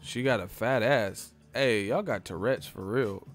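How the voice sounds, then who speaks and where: A man's voice: on the low side, unhurried, soft background music. A man hosting a casual live boxing chat, brash and profane, talking with frequent laughs. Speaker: boxing channel host. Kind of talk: casual live-stream commentary.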